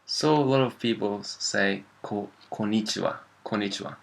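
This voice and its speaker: A man's voice: on the low side, moderate pace, gravelly, rough recording. A man with a Japanese accent teaching a casual language lesson, thinking aloud and often stopping to correct himself.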